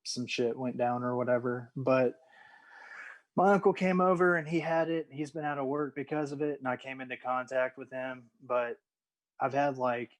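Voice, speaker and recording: A man's voice: medium pitch, fairly even intonation, normal speed. A man co-hosting a podcast in laid-back, rambling chat, his voice congested and nasal from a sinus infection. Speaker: podcast co-host. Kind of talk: casual podcast banter.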